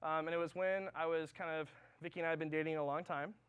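A young man giving a youth sermon, telling personal stories in an animated way with lots of fillers. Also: fairly high pitch, fast talker, smooth, lo-fi sound. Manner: animated storytelling with many fillers. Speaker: youth pastor.

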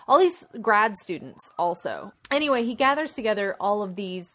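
Casual co-host, female, mid-pitched, loose and chatty, stacks tangents as she recaps a film. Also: normal speed. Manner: rambling, animated plot retelling with many asides. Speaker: podcast co-host. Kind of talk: casual chat.

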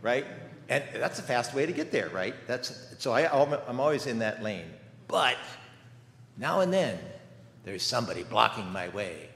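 A man's voice: medium pitch, big pitch swings, normal speed, vocal fry, fairly bright tone. An older man giving a sermon as a guest preacher, telling stories in a conversational way with rhetorical questions. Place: church sanctuary. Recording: echoey church hall with faint ambience.

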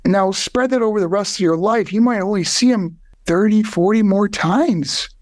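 An older man, a podcast guest, telling a heartfelt personal story in an earnest way, his voice climbing high when he is moved. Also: normal speed, a little mellow, no room sound.

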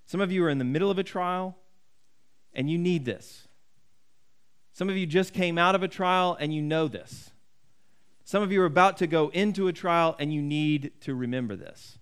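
A man preaching a sermon in a somewhat high voice. He talks in an earnest, conversational way and often restarts his sentences. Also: normal speed, clean tone. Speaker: pastor.

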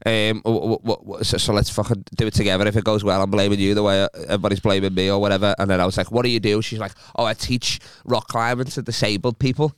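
A man's voice: fairly low pitch, little pitch movement, fast, few pauses, clean tone, no echo. A man, a stand-up comedian telling rambling, crude road stories in casual podcast chat. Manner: rambling, crude, laughing storyteller.

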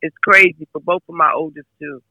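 Her voice deep, steady and creaky, a woman talks fairly quickly as an interview guest about her son, a football player, being chatty, emphatic and prone to repeating phrases. It sounds phone-quality and dry.

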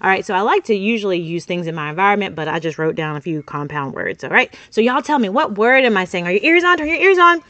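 A woman's voice: lowish voice, expressive, fast talker, few pauses, fairly bright tone, no echo, dull audio. A woman host, coaching young children on reading sounds in an upbeat, teacherly manner with sing-song emphasis, recorded in a small closet studio.

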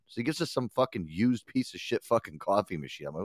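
A man hosting a casual talk show, telling stories in a profane, animated way. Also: lowish voice, quick pace, hardly any pauses, no echo, clean studio sound. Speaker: podcast host. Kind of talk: casual chat.

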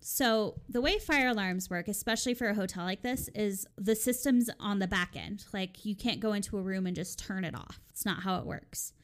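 A woman chatting casually and telling a long work story with lots of energy. She acts out the quoted lines herself as she goes, and her pitch sits in a middle range. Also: normal speed, few pauses. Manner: animated storytelling, acting out quoted exchanges. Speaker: storyteller guest recounting hotel night shift. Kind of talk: casual chat.

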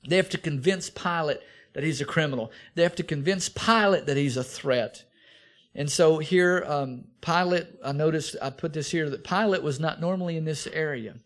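Animated male preacher, fairly high voice. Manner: animated preaching, acts out biblical figures with raised voice. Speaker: pastor. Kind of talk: expository sermon.

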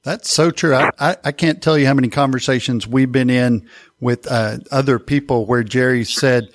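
A man's voice: mid-range voice, fairly even intonation, moderate pace, dry recording. A man hosting a podcast interview. He chats casually and tells anecdotes. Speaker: podcast host.

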